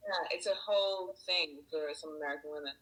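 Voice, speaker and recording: A woman's voice: low-pitched, brisk, a bit bright, rough recording. A woman with an Australian accent, chatting casually on a panel and laughing often. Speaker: actor on a panel.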